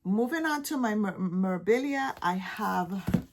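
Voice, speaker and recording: A woman's voice: medium pitch, animated, a little slow, slight background noise. Chatty woman with a Caribbean accent. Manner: chatty, trailing off and restarting, dropping to soft near-whispers. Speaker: cross-stitch vlogger. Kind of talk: casual show-and-tell chat.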